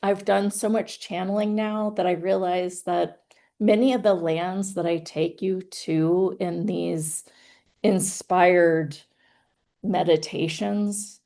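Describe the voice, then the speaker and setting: A chatty woman guest speaker with a lowish voice and a gravelly edge. She talks casually and sounds self-amused, laughing between her thoughts as she gives an online presentation. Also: steady tone, a little slow, warm tone. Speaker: guest speaker, hypnotherapist and author.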